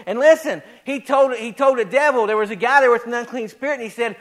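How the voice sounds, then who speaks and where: A man's voice: extremely high pitch, brisk, hardly any pauses, a bit bright. A male pastor preaching a sermon in a folksy way, repeating phrases as his voice swells and drops.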